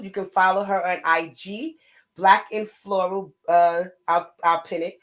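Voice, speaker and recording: A woman co-hosting a casual live-stream chat with a New York accent, talkative and playful with shout-outs. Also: fairly low pitch, fairly even intonation, takes it slowly, poor audio. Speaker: co-host.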